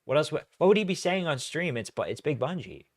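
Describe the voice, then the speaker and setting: A man's voice: a little high, very animated, fast talker, no room sound, clean studio sound. A young man giving casual reaction commentary as a streamer, rambling and correcting himself as he goes. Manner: rambling, self-correcting, laughs between points.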